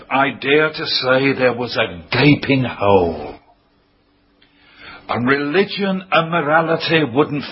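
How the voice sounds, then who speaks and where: A man preaching a sermon, emphatic and declaiming key phrases loudly. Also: on the high side. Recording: dull lo-fi sound with faint noise.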